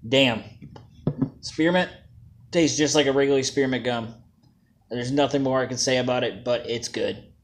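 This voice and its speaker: A man casually reviewing vape juices, joking and plain-spoken in a laid-back way. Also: mid-range voice.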